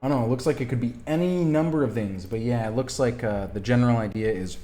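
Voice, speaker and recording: A man streaming a text adventure game, reading the story aloud and chatting casually about his choices in a lively, self-mocking way. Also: mid-range voice, quick pace, soft background music.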